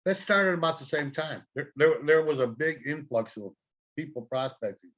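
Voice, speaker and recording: A man's voice: a little high, moderate pace, a bit bright. An older man hosting a casual livestream chat, rambling in a folksy way and repeating words as he talks. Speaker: host. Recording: dull lo-fi stream audio.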